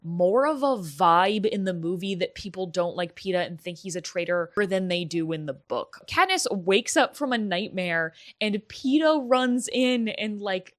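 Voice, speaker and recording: A young woman book vlogger chats through a comparison of a book and its film in casual vlog commentary, candid and talkative with plenty of fillers and the occasional swear. Her mid-range voice has lively intonation, unhurried but with few pauses.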